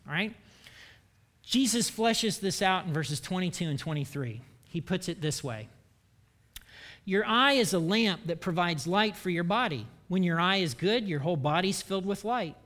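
Male pastor, high-pitched, animated sermon delivery full of humorous asides. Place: church.

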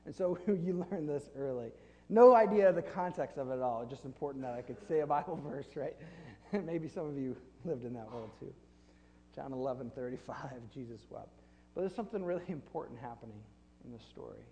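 Preacher in a reverberant hall. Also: male voice, mid-range voice, expressive, brisk, a little mellow, a little hiss or hum. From Flint, Michigan. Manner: conversational, self-deprecating with laughs. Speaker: pastor. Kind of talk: sermon. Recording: long reverb in a large hall.

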